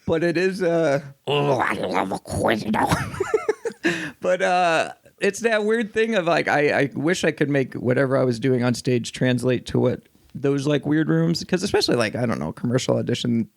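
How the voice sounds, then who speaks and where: A man's voice: medium pitch, animated, normal speed, creaky. A man from the Chicago area, an actor and improviser guesting on a podcast, chatting casually in a self-deprecating way and laughing often. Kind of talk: casual chat.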